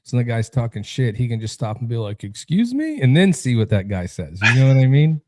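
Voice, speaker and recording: A man's voice: mid-range voice, a little fast, a little mellow, dry recording. A man hosting a podcast, ranting bluntly and profanely in casual chat. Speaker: podcast host.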